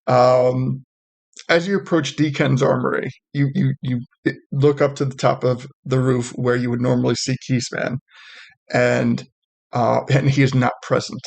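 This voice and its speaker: A man's voice: mid-range voice, level tone, unhurried, vocal fry. A man narrating as game master of a tabletop game, rambling with many restarts.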